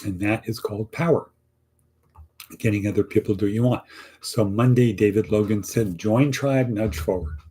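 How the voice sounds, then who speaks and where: Middle-aged male coach, mellow and husky, casual teaching tone. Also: fairly low pitch, steady tone, normal speed. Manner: coaching, acts out sample answers, repeats lines for emphasis. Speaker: teacher of a career class. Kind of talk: casual online lesson.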